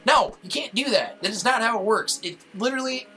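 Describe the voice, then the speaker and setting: A man's voice: sits high, animated, brisk, bright, forceful tone, soft background music, low-quality recording. A young man on a casual podcast, ranting about football in a heated, profane way. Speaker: podcast co-host.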